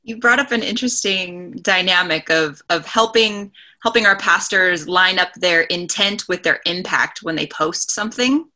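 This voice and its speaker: A woman's voice: fairly low pitch, normal speed, hardly any pauses, sharp tone. A woman hosting, asking a thoughtful question while searching for her words. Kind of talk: interview question.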